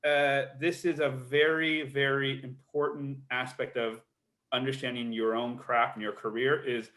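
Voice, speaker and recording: A man's voice: mid-range voice, level tone, measured pace, a bit bright. Earnest man talking agent advice. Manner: earnest, repeats words while thinking. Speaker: literary agent. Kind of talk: live online Q&A.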